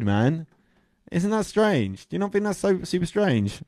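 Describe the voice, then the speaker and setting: A man's voice: high voice, very animated, a little slow, a little mellow, no echo, studio quality. A man hosting a DJ livestream, rambling and joking, swearing freely and trailing into asides. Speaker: DJ livestream host.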